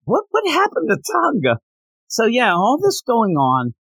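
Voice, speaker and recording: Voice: mid-range voice, wildly swooping pitch, measured pace, gravelly, fairly bright tone, husky, dry recording. A podcast co-host in casual chat, animatedly retelling comic panels and joking about them.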